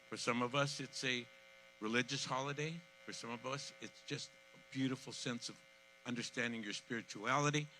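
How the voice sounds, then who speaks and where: A man of eighty speaking as master of ceremonies at an outdoor community event, heartfelt and emotional, repeating words and swinging from soft to loud. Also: medium pitch, slight background noise, poor audio. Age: 80s.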